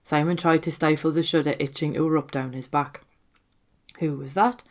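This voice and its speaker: A woman author reading her own ghost story aloud, with steady, suspenseful narration. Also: low-pitched, brisk.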